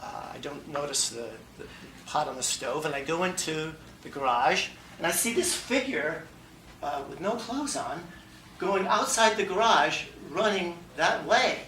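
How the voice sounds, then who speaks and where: A man tells a funny personal story to an audience, animated, acting out the dialogue and laughing along. His voice is bright and forward. He is picked up from a distance in an echoey room with faint ambience. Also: fairly high pitch, measured pace, slight background noise. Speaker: humor contest speaker. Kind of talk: humorous personal story speech. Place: meeting room before an audience.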